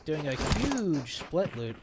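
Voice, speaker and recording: A man casting a mobile shooter tournament play-by-play, excitable, with bursts on big plays, tired from an early start. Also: on the high side, slow pace, very noisy. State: tired, yawning. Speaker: esports caster. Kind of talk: play-by-play commentary.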